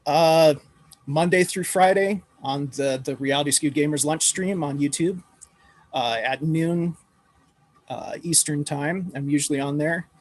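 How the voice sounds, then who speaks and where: A man from Ireland talks as a podcast guest, his voice sitting a touch high. He is easygoing and laughs often. The sound is dry and close. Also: a little slow, no room sound. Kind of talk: casual chat.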